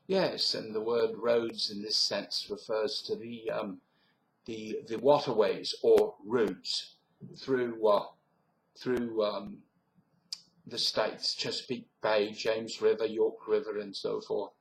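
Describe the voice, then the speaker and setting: A man's voice: fairly low pitch, little pitch movement, takes it slowly, a little hiss or hum. A man voicing a polite, formal visitor, hesitating as he speaks. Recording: roomy webcam recording.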